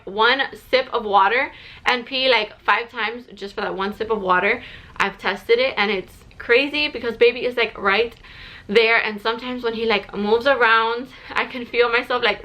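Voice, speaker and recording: Bright-voiced breathless young mother. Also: on the high side. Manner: chatty, filled with "like" and restarts. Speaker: vlogger sharing a pregnancy update. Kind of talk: casual chat to camera.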